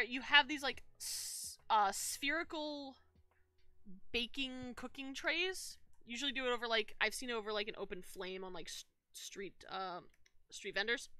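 A woman streamer tells a story in loose, animated chat, restarting her sentences and filling gaps with "like" and "um." Her voice sits a bit high and sounds bright and forward. Soft music plays faintly underneath. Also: smooth. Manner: animated, rambling, lots of fillers and self-corrections.

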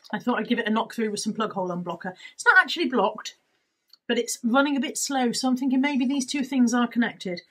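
A woman's voice: on the high side, fairly bright tone, husky, poor audio. A woman chatting casually through a shopping haul in her vlog, rambling and poking fun at herself. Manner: chatty, rambling, self-deprecating. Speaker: YouTuber showing a shopping haul. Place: indoors at home, at a table. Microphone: camera on the table.

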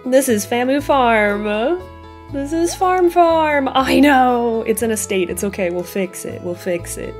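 A woman giving casual let's-play commentary, giggly and excitable, peppering her talk with "like". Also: a little high, moderate pace, hardly any pauses, soft background music. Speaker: gaming video host.

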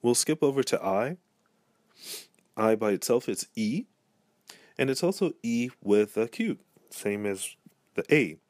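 A man teaching a pronunciation lesson, saying each letter and word slowly and repeating it twice. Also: medium pitch, lively intonation, a little mellow, dry recording, studio quality. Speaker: language teacher.

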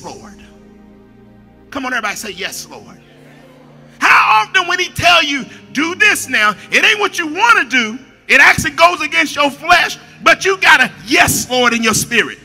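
Male pastor, sermon, shouted peaks and hushed asides, high voice, bright edge. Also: very animated, normal speed, gravelly, few pauses, soft background music. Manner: preaching with shouted peaks and quiet asides, repeating phrases.

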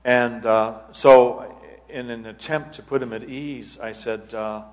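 A man, an abbot, telling a personal story at a retreat talk in an unhurried, halting way, often restarting his phrases. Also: mid-range voice, fairly even intonation. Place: church hall. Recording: long reverb of a large hall.

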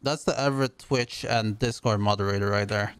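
A male streamer giving live gameplay commentary, loud and excitable with constant swearing. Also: on the low side, a little fast, clean tone.

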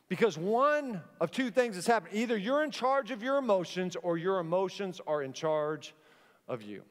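A man preaching a sermon from a church stage, an animated storyteller who acts out the scenes he describes. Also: sits high, normal speed. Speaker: pastor. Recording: long church hall reverb.

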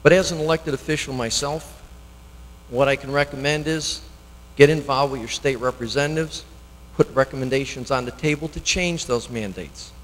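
A man, an elected official, giving public comment at a town hearing, earnest and halting, often restarting his sentences. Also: mid-range voice, steady tone, a bit bright, a little hiss or hum. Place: town meeting hall. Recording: long reverb in a meeting hall.

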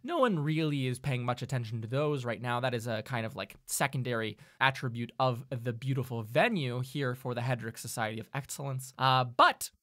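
A man's voice: mid-range voice, animated, fairly quick, hardly any pauses, a bit bright, no room sound, clean studio sound. A man narrating a tabletop game as game master, rambling with many fillers.

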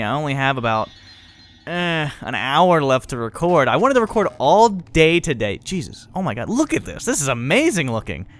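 Excitable young man gaming. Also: medium pitch, clear, resonant tone. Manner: excitable, chatty, laughs often. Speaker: gaming video host. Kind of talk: casual let's-play commentary.

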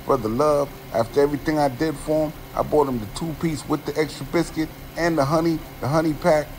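A man playing a smug, scheming male music mogul who talks in a low, slow, threatening drawl. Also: steady tone, a little mellow, a little hiss or hum, lightly acted. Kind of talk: comedy skit impression.

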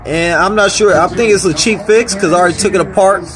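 A man's voice: high-pitched, fast. Angry, foul-mouthed man repairing electronics. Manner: angry, swearing constantly, rambling. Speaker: vlogger repairing a console power supply. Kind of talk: profane casual repair vlog.

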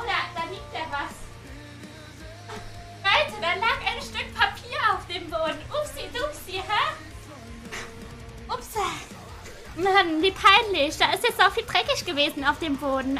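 A woman's voice: very high-pitched, bright, forceful tone. A woman streamer chatting in a playful, chatty way. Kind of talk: casual stream chat.

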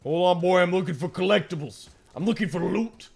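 A man's voice: high-pitched, brisk, creaky. A young man commentating his gameplay, joking and talking to the characters on screen. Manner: jokey, excitable, talks to the game. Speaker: gaming YouTuber. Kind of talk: playthrough commentary. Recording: game music behind voice.

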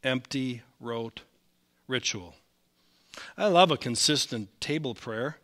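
A male senior pastor preaching a sermon, animated, rising in volume when he reads scripture and slipping in self-deprecating asides. His accent is Upper Midwest American. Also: medium pitch, takes it slowly. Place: church sanctuary.

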